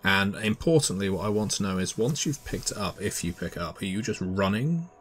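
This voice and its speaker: A man narrating a tabletop horror game as game master, describing scenes in a measured way. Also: sits low, animated, a little hiss or hum.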